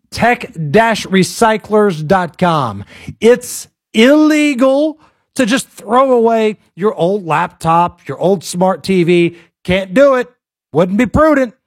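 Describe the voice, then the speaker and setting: A man's voice: sits high, animated, no room sound, studio quality. A man hosting a talk radio show, joking loosely and reading ads in a casual way. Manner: loose, joking, quick asides. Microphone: studio mic.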